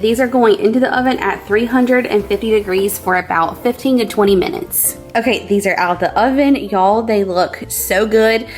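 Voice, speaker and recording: A woman hosting a casual cooking vlog from her home kitchen, bubbly and gushing. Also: medium pitch. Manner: bubbly, gushing, says y'all often. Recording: roomy kitchen echo, faint music.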